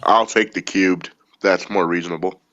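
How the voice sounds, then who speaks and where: Male co-host, low voice, dry teasing asides; dull, dead-dry recording. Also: fairly even intonation, moderate pace, pushed and bright, no room sound. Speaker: podcast co-host. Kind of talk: casual chat.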